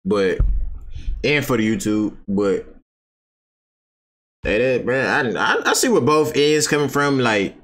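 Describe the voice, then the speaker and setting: A man's voice: mid-range voice, very animated, measured pace, pauses often, a bit bright. A man streaming his reactions to a reality show in loose, slangy casual talk with plenty of swearing.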